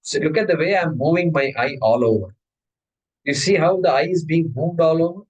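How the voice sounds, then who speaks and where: A man's voice: fairly high pitch, brisk, low-quality recording. A man giving a spiritual discourse as teacher, asking his listeners question after question. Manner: questioning, animated. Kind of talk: Vedanta discourse.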